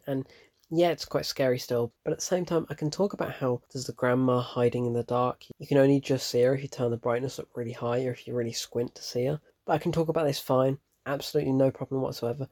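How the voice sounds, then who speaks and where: A man giving a casual, animated spoken review of a horror film, openly frightened and often breaking off mid-thought. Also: mid-range voice.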